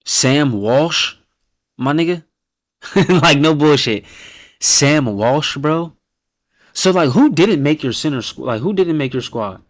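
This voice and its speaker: A man hosting a casual reaction stream who rates viewers' team picks, talking bluntly and with lots of swearing, laughing often and dropping to a low mumble when he reads out names. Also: expressive, slow pace, pauses often, no room sound, studio quality. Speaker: host reacting to viewers' fan-picked football teams.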